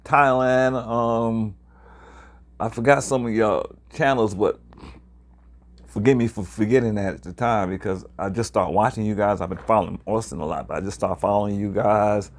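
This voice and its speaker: A man's voice: fairly low pitch, fairly even intonation, moderate pace. Rambling older man from Harlem. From New York, Harlem. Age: 60s. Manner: rambling, hesitant with many fillers. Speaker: traveler sharing experiences. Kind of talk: casual video talk to viewers.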